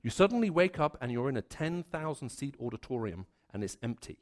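A man preaching a sermon, earnest and building his points through repeated phrases, dropping to a hushed voice for his stories. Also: mid-range voice, sing-song, a little fast.

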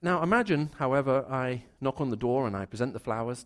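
A man's voice: medium pitch, animated, brisk, a bit bright, clear, resonant tone. Male preacher, conversational storytelling delivery, restarts and fillers, mid-range voice. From raised in the Middle East. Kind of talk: sermon.

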